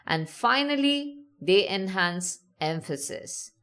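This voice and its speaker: Female teacher, scripted lesson read; slow delivery, animated intonation, enunciates each example word. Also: medium pitch. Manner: slow, clearly enunciated, sounding out example words.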